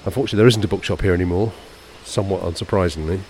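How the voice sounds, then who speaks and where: A man's voice: sits low, rapid-fire, darkish tone, slight background noise. A man from the south of England with a South London accent, co-hosting a walking podcast in a shopping arcade, chatty and wry. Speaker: podcast co-host. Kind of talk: casual walking chat, reading from a novel.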